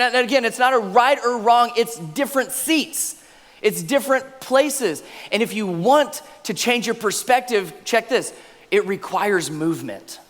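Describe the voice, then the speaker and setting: Conversational male pastor in a reverberant hall. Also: high-pitched. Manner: conversational, animated, leads congregation in call-and-response. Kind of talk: sermon. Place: church auditorium.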